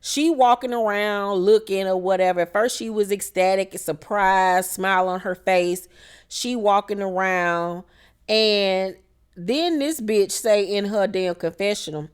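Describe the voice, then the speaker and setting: A woman's voice: medium pitch, unhurried, clear, resonant tone. A woman hosting a casual TV recap and talking in a blunt, profane, sassy way. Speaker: TV recap host.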